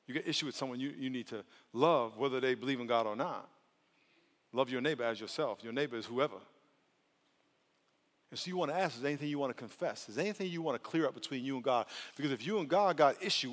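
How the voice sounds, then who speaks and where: A male pastor preaching a lively, playful sermon that swings from soft asides to loud outbursts. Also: mid-range voice, fast. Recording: long hall reverb.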